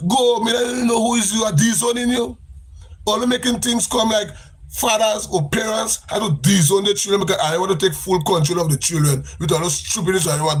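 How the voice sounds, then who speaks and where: A man's voice: high-pitched, husky. A man with a Grenadian accent ranting on a live stream, fiery and accusatory, repeating his phrases for emphasis.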